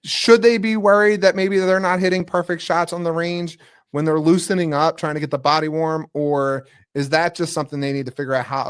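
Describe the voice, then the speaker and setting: A man's voice: a little high, steady tone, fairly quick, smooth, dry recording, clean studio sound. A man hosting a golf podcast, asking long conversational questions. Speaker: podcast host. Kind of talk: podcast interview.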